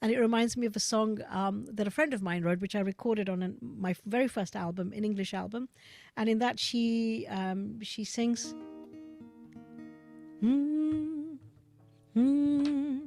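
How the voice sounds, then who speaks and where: A woman hosting a live online gathering, chatting gently with fillers and restarts on a video call. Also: medium pitch, steady tone, moderate pace, vocal fry, soft background music. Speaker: host. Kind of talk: casual chat and devotional singing.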